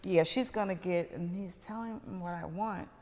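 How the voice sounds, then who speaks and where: A middle-aged woman telling a personal story as a podcast guest, animated and dropping to whispers at tense moments. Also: lowish voice, normal speed, long reverb tail.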